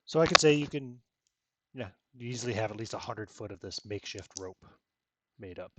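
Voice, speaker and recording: A man's voice: fairly low pitch, lively intonation, a little fast, heavy background noise. A man running a tabletop role-playing game, narrating in a casual, laid-back way and laughing often. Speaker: game master.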